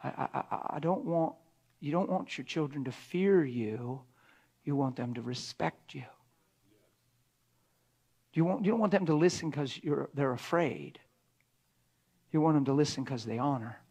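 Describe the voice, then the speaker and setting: A man's voice: a little high, a little slow, pauses often, husky. Man preaching, shifting between whisper and push. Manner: conversational preaching, drops to a hushed whisper for emphasis. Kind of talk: sermon.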